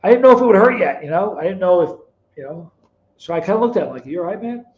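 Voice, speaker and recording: Man, middle-aged, live stream host, casual chat, teasing, fairly high voice, dull lo-fi sound. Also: animated, quick pace. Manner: chatty, teasing viewers by name, storytelling.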